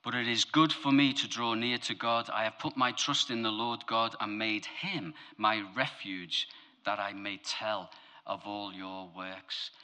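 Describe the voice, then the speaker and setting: A man preaching a lively, humorous sermon, his voice climbing to emphatic high peaks and dropping low for asides. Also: measured pace.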